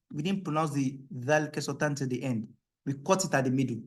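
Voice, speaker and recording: A man teaching Quran recitation rules, explaining in a questioning style and breaking into a higher, louder chant for the verses. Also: steady tone, brisk. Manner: asks the class rhetorical "what?" questions. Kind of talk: tajweed lesson, explaining and reciting.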